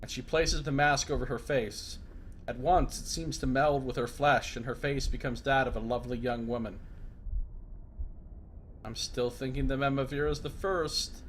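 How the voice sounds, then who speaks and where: A man's voice: mid-range voice, normal speed, slight background noise. Man reading game text aloud. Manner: reads narration aloud, breaks off into excited asides. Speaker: streamer.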